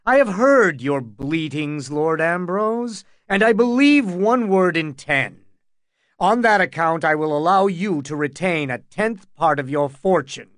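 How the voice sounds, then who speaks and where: Cold, scornful older lord, read by a male audiobook narrator; unhurried, a touch high. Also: lively intonation, fairly bright tone, no room sound, clean studio sound. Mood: contemptuous. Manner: icy and contemptuous. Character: cold, commanding older lord and royal hand.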